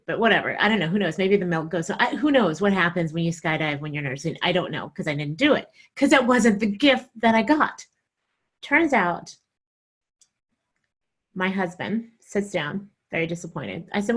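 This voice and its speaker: A young woman from the American South telling a stand-up comedy story, animated and acting out the voices she quotes. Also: on the low side, normal speed, breathy edge.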